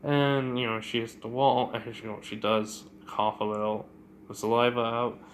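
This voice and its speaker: A man's voice: medium pitch, level tone, normal speed, a little hiss or hum. A man casually retelling a fan-made story in a rambling way, full of fillers.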